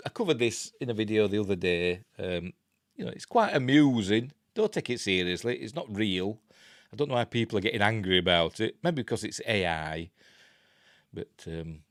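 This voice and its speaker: A man's voice: lowish voice, no room sound, studio quality. A man with a Yorkshire accent hosting a live news stream, reading articles aloud with chatty, joking asides.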